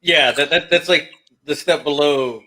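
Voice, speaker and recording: Deadpan man, higher voice. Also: measured pace. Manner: dry, deadpan jokes. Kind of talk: casual chat.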